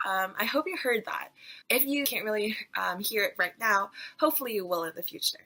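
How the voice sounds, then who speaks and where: A chatty woman teaches pronunciation in a relaxed video lesson. Her voice is bright and clear, and she keeps saying syllables aloud to demonstrate. She talks in a loose, everyday way, full of fillers. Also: mid-range voice, a little fast, low-quality recording. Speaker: Mandarin teacher.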